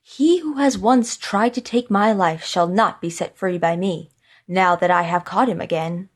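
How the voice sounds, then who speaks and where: A woman voicing a clever young male scholar, calm and sure of himself, in a storybook reading. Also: fairly low pitch, unhurried.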